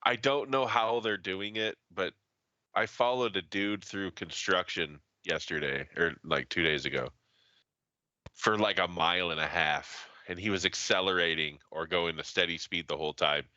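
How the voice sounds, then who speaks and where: A man's voice: low-pitched, normal speed, pushed and bright, no echo, lo-fi sound. A man co-hosting a podcast, ranting in casual chat with heavy swearing. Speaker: podcast co-host.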